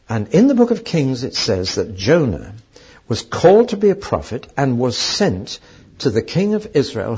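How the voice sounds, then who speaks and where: Raspy guy preaching a sermon, voice jumps all over, dull lo-fi recording. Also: medium pitch. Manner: animated, rhetorical questions.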